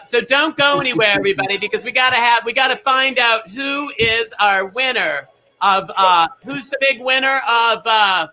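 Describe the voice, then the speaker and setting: A man's voice: very high voice, bright, forceful tone. A man hosting a bingo livestream in a campy, gushing, teasing way. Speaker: host. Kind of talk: upbeat bingo livestream chat.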